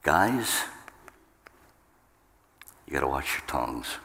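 A man with a very low voice preaches slowly and emphatically from a church pulpit, shooting up in pitch when he acts out his own outbursts. A long reverb trails behind his words. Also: big pitch swings, vocal fry, bright, forceful tone. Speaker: pastor. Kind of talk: sermon. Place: church sanctuary.

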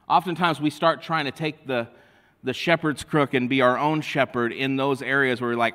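A man's voice: mid-range voice, fairly even intonation, fairly bright tone. A man preaching a sermon as pastor, drawing out key phrases and calling for responses from the congregation. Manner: slow, emphatic preaching with drawn-out phrases and audience call-and-response. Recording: long hall reverb.

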